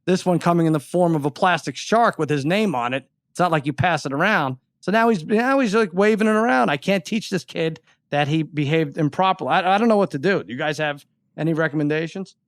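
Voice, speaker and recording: A middle-aged man co-hosting a podcast, telling an animated, exasperated story in casual chat. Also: fairly high pitch, a little fast, no room sound, clean studio sound. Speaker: podcast co-host.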